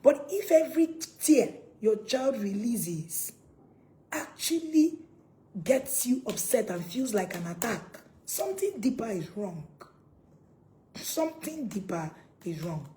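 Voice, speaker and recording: A woman's voice: on the high side, sing-song, slow, mellow, slight background noise, low-quality recording. A woman giving a live parenting talk, emphatic and repeating her questions to viewers. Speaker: parenting coach.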